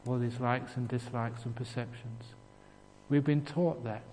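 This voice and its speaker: An English man gives a relaxed, humorous Buddhist dharma talk, chuckling as he tells his stories. His voice sits at an ordinary middle pitch and carries a long reverb from a large hall, with faint ambient noise underneath. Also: measured pace. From England. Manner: humorous storytelling with frequent chuckles. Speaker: Buddhist monk teacher.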